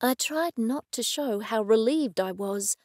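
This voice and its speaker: A woman audiobook narrator telling a first-person story with expressive, intimate delivery. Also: on the high side, unhurried, dry recording, clean studio sound.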